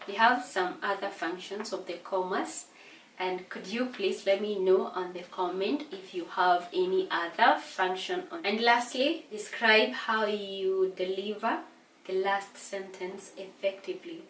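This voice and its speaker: Slow, echoey Kenyan woman teacher. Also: medium pitch, fairly bright tone, recorded from a distance, slight background noise. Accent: Kenyan English. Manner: slow, deliberate explaining with hesitations and repeated words. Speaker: English teacher. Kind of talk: exam revision lesson. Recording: echoey room, voice away from mic.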